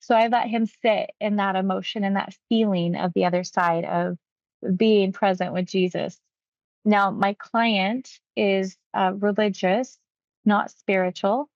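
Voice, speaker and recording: Woman hypnotherapist, quick animated storytelling, dry slightly dull sound. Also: medium pitch, no echo. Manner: quick, animated retelling with acted quotes. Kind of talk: storytelling about a client session.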